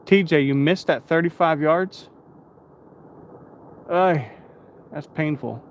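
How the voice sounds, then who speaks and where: A man's voice: on the high side, normal speed. A tired man hosting a casual live stream outdoors at night, rambling and chatting with his viewers.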